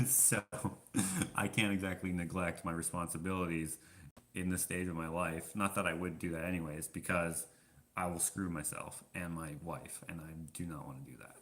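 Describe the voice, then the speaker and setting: A man rambling through a casual live-stream chat with viewers, self-deprecating and quick to laugh. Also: deep voice, steady tone, fairly bright tone. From Canada. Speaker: vlogger answering live chat.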